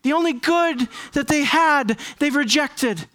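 A man delivers a sermon in an earnest preaching manner. He repeats key phrases for emphasis and moves between soft, low asides and raised, pressing lines. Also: unhurried. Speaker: pastor.

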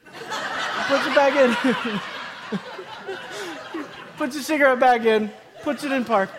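His voice strikingly high, a man excitedly shares a comic story from his own life with an audience. Laughter keeps breaking into his sentences, and he restarts and repeats words as the big hall echoes with a long reverb.

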